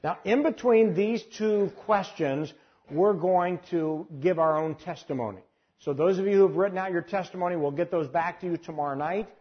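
A man's voice: high voice, moderate pace, breathy edge, lo-fi sound. A man teaching a church class on sharing faith, talking conversationally and often putting questions to his audience. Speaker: evangelism trainer.

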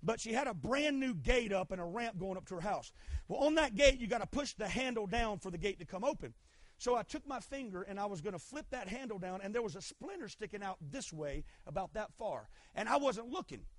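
High-pitched fiery preacher. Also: male voice, expressive, fairly quick, dry recording. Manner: fervent, swings from shouting to hushed asides. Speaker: pastor. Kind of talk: sermon.

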